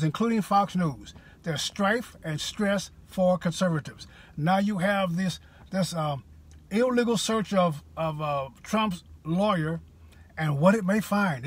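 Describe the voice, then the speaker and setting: A man's voice: high voice, fairly bright tone. A man giving a rousing, preachy political monologue straight to his viewers, full of rhetorical questions. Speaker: political commentator. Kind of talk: direct-to-camera political monologue.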